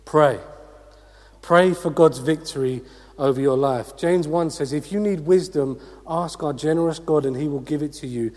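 A man preaching a sermon, energetic, with rhetorical questions and call-outs to the congregation. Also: a little high, moderate pace, in a large hall.

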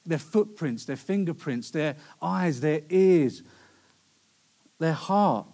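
A man's voice: a little high, expressive, slow pace, warm tone. A young man preaching a sermon in a conversational way, with storytelling asides.

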